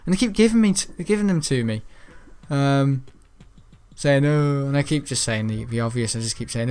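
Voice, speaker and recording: A man's voice: medium pitch, moderate pace, darkish tone, clear, resonant tone. A young man who is ill, chatting in a rambling way with many ums during gameplay commentary. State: ill, unwell. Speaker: gaming channel host.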